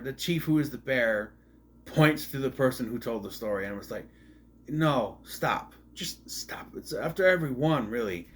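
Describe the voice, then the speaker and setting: Male reviewer, mid-pitched voice, rambling and sarcastic, casual delivery. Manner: rambling, sarcastic, with frequent asides and restarts. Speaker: movie reviewer. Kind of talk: casual spoken movie review.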